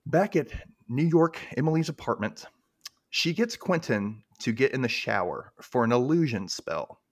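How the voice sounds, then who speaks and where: A man's voice: medium pitch, animated, moderate pace. A man co-hosting a podcast, casually recapping a TV episode and acting out the characters' lines in put-on voices. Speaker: podcast co-host.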